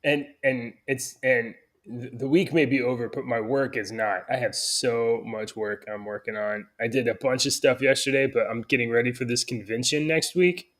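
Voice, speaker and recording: A man's voice: medium pitch, fairly even intonation, normal speed, a bit bright. A man co-hosting a casual chat show, rambling and complaining in an exasperated way. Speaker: podcast co-host.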